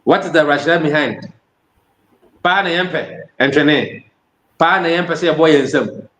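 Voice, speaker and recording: A man's voice: a little high, unhurried, a bit bright, echoey room, slight background noise. A man with a Ghanaian accent preaching a sermon, switching between Twi and English phrases.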